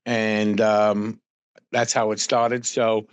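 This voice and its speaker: A man's voice: medium pitch, measured pace, no room sound. A man guesting on a podcast, telling casual anecdotes and acting out the dialogue in them. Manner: acts out dialogue in stories, many fillers.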